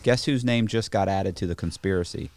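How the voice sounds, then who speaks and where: A man telling stories in casual podcast chat, profane and animated, acting out the people in them. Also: deep voice, fairly quick, gravelly, dry recording. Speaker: podcast guest. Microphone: podcast studio mic.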